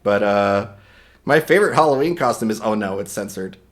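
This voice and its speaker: A man hosting a livestream, talking casually and rambling with many restarts, his voice a little hoarse today. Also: on the low side, lively intonation, a little fast. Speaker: livestream host. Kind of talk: casual stream chat.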